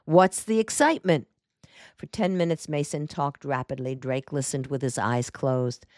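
A woman reading a detective novel aloud in a measured, even storytelling manner. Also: very deep voice, no echo, studio quality. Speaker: audiobook narrator. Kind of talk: scripted narration.

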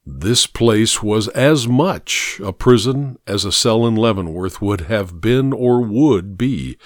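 Casting note: male audiobook narrator, measured and grave, mid pitch with an expressive lilt, dry close studio sound. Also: no room sound. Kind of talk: first-person audiobook narration.

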